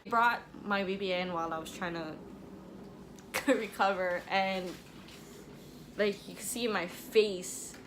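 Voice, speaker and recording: A woman's voice: medium pitch, steady tone, unhurried, pauses often. A young woman speaks to her camera in a candid, personal way. Her voice is emotional and at times tearful and apologetic. She has a mid-range voice, with a faint hum in the background. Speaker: vlogger. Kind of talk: personal storytelling vlog.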